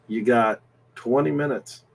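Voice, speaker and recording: A man's voice: medium pitch, measured pace, gravelly, husky. A man co-hosting a live paranormal stream, explaining the rules and setting challenges. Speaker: co-host giving challenges.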